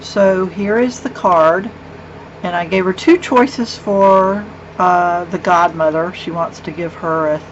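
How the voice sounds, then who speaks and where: Middle-aged woman, unhurried, gushing craft vlogger; dull lo-fi recording at a home craft table. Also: on the low side. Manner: chatty, rambling, with gushing asides. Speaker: card-making vlogger. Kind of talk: casual craft show-and-tell. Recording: dull lo-fi with faint hum.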